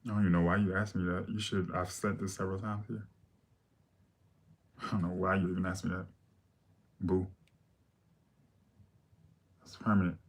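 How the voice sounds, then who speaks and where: Low flat-voiced man, blunt and sassy. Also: normal speed, long pauses, husky. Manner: blunt, sassy, reads viewer questions aloud. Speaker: livestream makeup host. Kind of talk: casual livestream chat.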